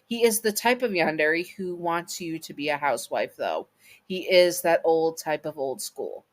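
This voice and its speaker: A woman's voice: sits low, expressive, normal speed. A young woman reading a written fan scenario aloud in a casual way, stumbling and correcting herself as she goes. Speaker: fan-fiction reader and channel host.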